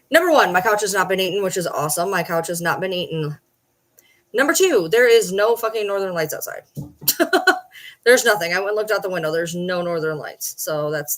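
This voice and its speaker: A woman's voice: medium pitch, breathy edge. A woman chatting casually on a late-night livestream from home, blunt, rambling and swearing freely.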